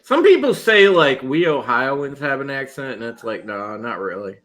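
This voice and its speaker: A man's voice: mid-range voice, big pitch swings, normal speed, a crowd in the background. A man from Ohio co-hosting a casual chat, joking and laughing often. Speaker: podcast co-host.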